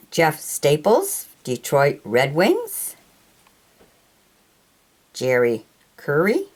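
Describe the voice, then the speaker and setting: Woman, low voice, very slow pace, reading card names aloud, halting, stumbles on names. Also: sing-song. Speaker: hockey card collector. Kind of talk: slow read-out of trading cards.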